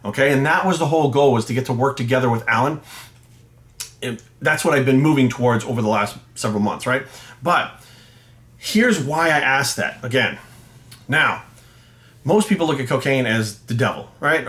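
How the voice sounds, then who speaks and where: A middle-aged man, a fitness coach, telling a story to camera in a blunt, profane, animated rant. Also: medium pitch. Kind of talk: ranting monologue to camera.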